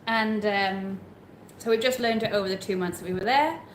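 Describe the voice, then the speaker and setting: A woman in easy conversation on a live stream, hedging as she talks and pausing to read viewer questions aloud. Her voice sits in the middle of the usual range and carries in an echoey room, with faint ambience behind. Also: mid-range voice, slight background noise. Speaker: co-host of a travel livestream. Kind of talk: casual live chat.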